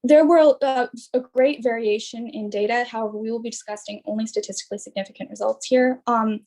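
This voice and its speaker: Young woman, student presenter, explanatory, fairly high-pitched, computer mic. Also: fairly even intonation, fairly quick, a little mellow. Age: young adult. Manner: explanatory, with frequent fillers and restarts. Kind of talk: academic presentation.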